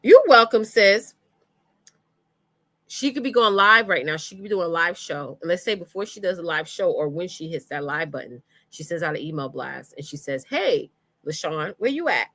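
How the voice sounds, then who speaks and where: A woman coaches her live-stream audience on email marketing in a chatty, familiar way. Her voice sits a little low yet sounds bright and forceful. The sound is dry and close, with no room around it. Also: moderate pace, no echo. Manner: chatty, greets viewers by name, says y'all and sis. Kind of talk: casual live-stream teaching.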